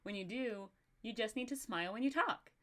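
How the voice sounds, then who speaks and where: A young woman hosting a podcast in casual chat, animated and quick to laugh, with a slight natural vocal fry and casual swearing. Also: fairly high pitch. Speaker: podcast host.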